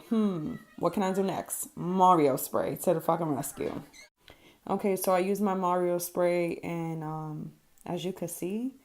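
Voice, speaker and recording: A woman's voice: on the low side, vocal fry, a little mellow. A woman talking casually through her makeup routine as a vlogger, candid and swearing freely with lots of ums. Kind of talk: casual makeup tutorial voice-over.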